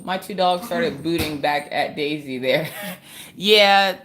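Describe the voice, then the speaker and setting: A woman in her thirties from Pennsylvania hosts a casual crafting livestream from home, chatting and laughing a lot as she shares family stories. Her voice sits low and she speaks slowly, with some background noise in the indoor setting.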